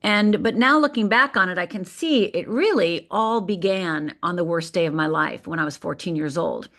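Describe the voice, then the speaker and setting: A middle-aged woman from Michigan, a podcast guest telling her life story in a vivid, paced way with dramatic pauses. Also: on the low side, a bit bright. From Upper Peninsula of Michigan.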